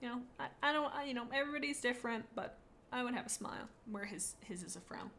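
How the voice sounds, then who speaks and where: Girl streamer, kinda high voice, rambly and giggly, reading chat out and gushing over cats. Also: fast, a bit bright, slight background noise. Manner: bubbly, rambling, playful, reads chat aloud. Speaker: streamer rating viewers' cats. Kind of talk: casual live-stream chat.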